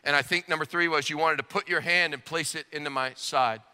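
A man preaching a sermon as pastor, animated and emphatic, acting out the voices he quotes. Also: a little high, brisk, smooth, in a large hall.

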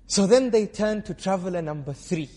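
A man's voice: sits high, moderate pace. A male Islamic preacher telling a story in a sermon, quizzing and teasing his audience as he goes. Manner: lively storyteller who quizzes and teases the audience. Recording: long hall reverb.

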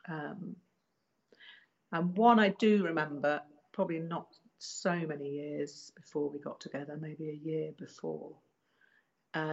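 A woman being interviewed, recalling past events in a hesitant, casual way with many pauses and restarts. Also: sits low, highs cut off.

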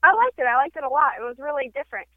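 A woman's voice: high-pitched, sing-song, racing, dry recording. A woman in her twenties, a guest in a casual interview, bubbly and talkative. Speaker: guest, brand promo model. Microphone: phone. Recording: tinny phone line.

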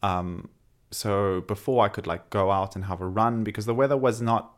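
A man's voice: fairly low pitch, steady tone, moderate pace. Chatty man with a slight accent. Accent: non-native English. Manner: chatty, laughs often, loose rambling delivery. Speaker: podcast co-host. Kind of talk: casual chat.

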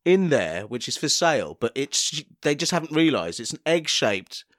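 Excitable high-voiced man joking. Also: normal speed, dry recording, studio quality. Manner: playful, jokey, breaks into silly voices and shouts. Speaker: podcast co-host. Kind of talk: casual comedy chat.

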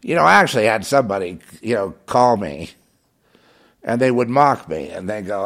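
A man's voice: fairly low pitch, very animated, moderate pace, gravelly, a bit bright. A man preaching in a rambling, fervent monologue, repeating himself and quoting imagined critics.

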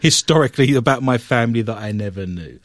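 A man's voice: medium pitch, lively intonation, fast, no room sound, clean studio sound. An English man with an English accent hosting a show in a chatty, wry way. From England. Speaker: podcast host. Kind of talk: casual chat.

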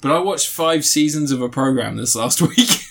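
A man's voice: a little high, lively intonation, normal speed, vocal fry. Rambling, laughing male show reviewer. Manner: rambling, laughs through his retellings. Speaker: podcast co-host reviewing shows. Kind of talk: casual chat.

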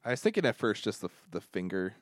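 A man's voice: on the low side, fast talker, no echo, studio quality. A man co-hosting a casual podcast chat, easygoing and jokey. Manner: easygoing, jokey, lively intonation.

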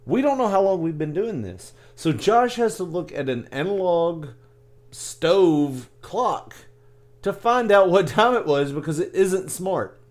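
A man co-hosting a casual podcast, joking and quick to laugh. His voice sits a little high and swings widely in pitch. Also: expressive. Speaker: podcast co-host. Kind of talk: casual chat.

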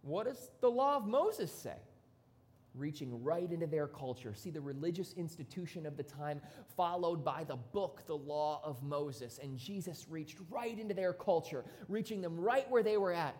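A pastor preaching a sermon in a church, casual and conversational, with sudden loud bursts. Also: mid-range voice, normal speed, few pauses.

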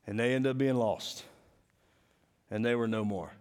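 A man preaching to a school, telling folksy stories, acting out voices and dropping to a hushed, intense tone. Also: medium pitch, moderate pace, pauses often, clean tone. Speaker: school chapel speaker. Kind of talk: sermon.

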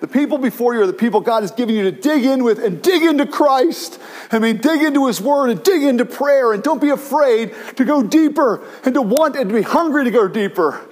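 Male pastor, high voice, impassioned sermon, repeats and restarts phrases. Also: animated, fairly quick. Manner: impassioned, repetitive, with many restarts. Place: church in San Francisco.

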